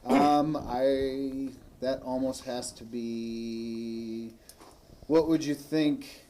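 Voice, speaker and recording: A man narrating as game master, easygoing and halting, often pausing mid-sentence. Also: mid-range voice, steady tone, dark tone, slight background noise.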